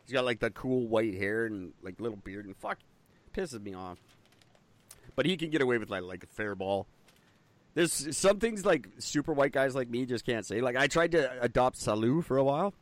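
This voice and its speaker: Animated, swearing man co-hosting. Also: medium pitch, normal speed, no room sound. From Canada. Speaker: podcast co-host. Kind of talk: crude casual banter.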